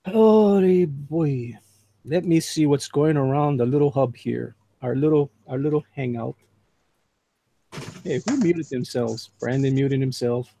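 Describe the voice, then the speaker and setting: A man's voice: medium pitch, unhurried, gravelly, warm tone, dry recording. Man, livestream host, casual chatter, reads chat aloud, dry close sound. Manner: laid-back, chatty, with frequent fillers.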